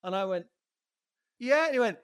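A man telling anecdotes as a podcast guest, laughing often, swearing, and slipping into quick impressions. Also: a little high, animated, a bit bright.

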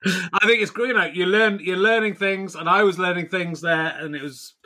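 A man hosts a relaxed book chat in a bright, forceful voice pitched a touch high. He laughs often and keeps tripping into restarts as he talks. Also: moderate pace. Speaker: podcast host. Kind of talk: casual chat.

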